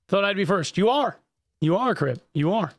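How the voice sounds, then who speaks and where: High-voiced chatty streamer man. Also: expressive, normal speed, no room sound. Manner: profane, jokey, chatty. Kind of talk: casual livestream chat.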